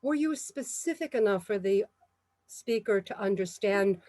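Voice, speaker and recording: A woman with a New York accent giving a measured, encouraging talk on public speaking. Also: mid-range voice, lively intonation, warm tone, dry recording. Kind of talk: instructional talk.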